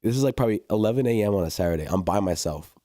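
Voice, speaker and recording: A man's voice: lowish voice, lively intonation, very fast, dark tone, dry recording, clean studio sound. A young man co-hosting a casual chat, telling a work story with laughs and restarts. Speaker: podcast co-host.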